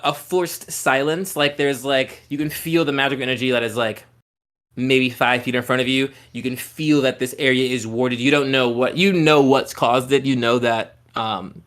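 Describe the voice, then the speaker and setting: A man's voice: medium pitch, a bit bright. A man running a tabletop game as game master, painting scenes in loose, rambling narration full of "like" and "um".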